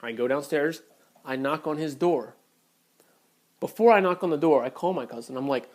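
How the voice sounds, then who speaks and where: A man's voice: a little high, lively intonation, normal speed, long pauses, darkish tone. A man telling a personal story on camera in a blunt, profane, heated way. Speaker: vlogger. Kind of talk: casual storytelling rant.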